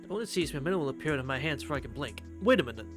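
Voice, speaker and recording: A man's voice: on the high side, animated, racing. A man live-streaming a game, reading its text aloud and chatting, swearing freely. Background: game music.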